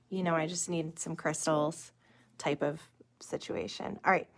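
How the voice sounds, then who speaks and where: Slow, gravelly-voiced woman. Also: fairly low pitch. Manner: chatty, filler-heavy, talks to viewers as "you guys" and "y'all"; drops to a soft murmur while working close on the nail. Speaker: nail art instructor. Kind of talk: live tutorial demonstration.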